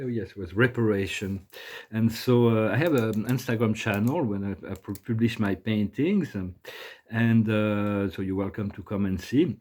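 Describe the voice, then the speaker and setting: A man hosting a casual spiritual video, soft-spoken and halting, often repeating words and restarting his sentences. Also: lowish voice, rough recording. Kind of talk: casual spiritual vlog talk.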